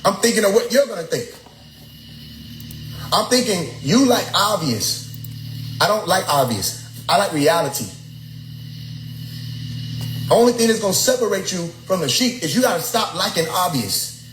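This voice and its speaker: A young man, casually lecturing a group in an animated, preachy way and swearing freely. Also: high-pitched, normal speed, long pauses, soft background music. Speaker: speaker addressing his followers. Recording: echoey room with faint ambient noise.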